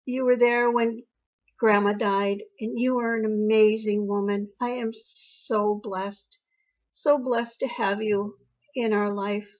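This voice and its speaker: An older woman being interviewed about her daughter, telling family stories in a fond way and repeating phrases. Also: a little high. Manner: warm storytelling, emotional, repeats phrases. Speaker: interviewee, mother. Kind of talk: reminiscing interview. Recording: dull lo-fi recording.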